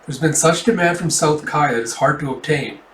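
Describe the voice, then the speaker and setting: A man's voice: a little high, moderate pace, fairly bright tone, lightly acted. A man voicing an easygoing male general in a plain reading voice, in a roomy recording taken from a distance. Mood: friendly. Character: steady male general, friendly to his host. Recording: roomy, distant mic, faint background noise.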